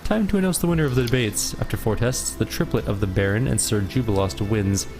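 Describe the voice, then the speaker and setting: A man voicing a playful, ancient fey gnome host in a video game playthrough, speaking in a measured, formal, riddling way. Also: fairly low pitch, lightly acted. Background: game music.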